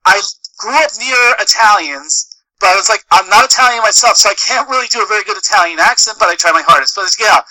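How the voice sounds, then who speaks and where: A man's voice: high voice, lively intonation, fast, bright, forceful tone, no room sound, rough recording. A man, co-hosting a podcast in casual chat, rambling through stories with many fillers. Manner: rambling, filler-heavy storytelling. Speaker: podcast co-host.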